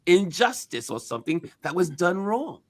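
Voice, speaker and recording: A man hosting a casual talk show, telling stories with animated emphasis. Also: high-pitched, moderate pace, no echo, clean studio sound. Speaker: podcast host. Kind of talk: casual chat.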